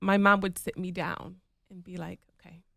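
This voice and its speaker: A woman co-hosts a casual podcast, often affirming and teasing. Her voice has a gravelly fry. The mic is close and the sound is dry. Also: fairly low pitch, little pitch movement, normal speed, pushed and bright, no room sound. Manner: affirming, lots of "yeah", teasing. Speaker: podcast co-host. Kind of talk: casual chat.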